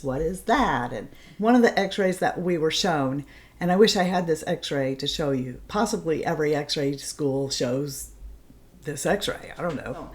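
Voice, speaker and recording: Middle-aged woman, low pitch, chatty makeup vlogger, rambling storyteller. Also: darkish tone. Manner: chatty, emotional, rambling with fillers. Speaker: beauty vlogger, former X-ray tech.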